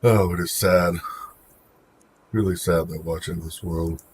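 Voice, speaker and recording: With slight background noise, a man whose voice sits low and steady talks in an unhurried way while hosting a live stream. He's casual and opinionated, reacting to comments and talking back to chat by name.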